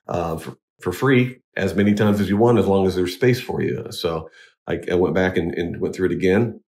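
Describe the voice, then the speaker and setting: A man, a wedding DJ, talking in a casual interview, halting with many restarts but earnest. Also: low voice, darkish tone. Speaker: wedding DJ and MC, guest.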